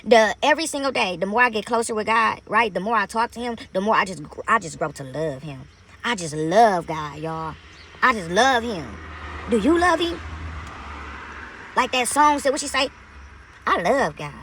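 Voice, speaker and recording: A woman's voice: mid-range voice, animated, moderate pace, a bit bright, a little hiss or hum. A woman talking about her faith from inside her parked car, emphatic and repetitive, calling listeners honey and baby. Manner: preachy, emphatic, repeats phrases for effect; calls viewers honey and baby. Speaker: vlogger sharing her faith. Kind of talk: casual faith talk to camera.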